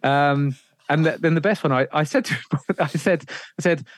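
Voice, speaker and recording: A man, a radio presenter, telling career stories in a casual podcast chat, animated, swearing freely and laughing often. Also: fairly high pitch, moderate pace.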